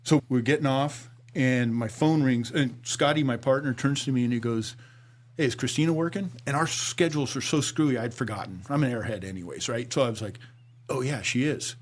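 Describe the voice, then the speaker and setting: A middle-aged man, a former police officer, telling his story to a podcast host, acting out dialogue and sinking low and quiet at grave moments. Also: brisk, few pauses. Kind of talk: conversational storytelling.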